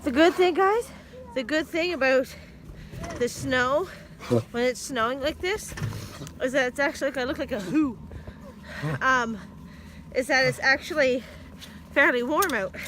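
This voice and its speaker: High-pitched and a bit bright, this woman speaks at a measured pace and pauses often. She's a vlogger and mother who's unwell, rambling to her audience and her dog on a handheld phone as she moves from her home out into the snow. Slight background noise is present.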